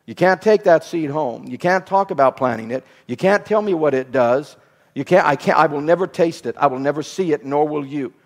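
A man's voice: on the high side, fairly quick. A man preaching a sermon with an emphatic, repetitive cadence. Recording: reverberant hall.

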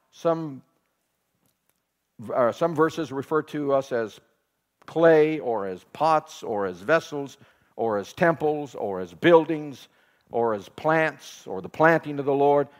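A man's voice: fairly high pitch, long reverb tail. A man preaching a sermon. He repeats phrases for emphasis and puts questions to the congregation. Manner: laughs while telling a home story. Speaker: pastor.

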